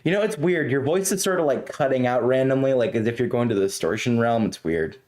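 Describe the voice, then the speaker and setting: A man's voice: mid-range voice, expressive, fast talker, a little mellow. A man playing in a tabletop game, chatting casually and laughing often as he rambles. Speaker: player.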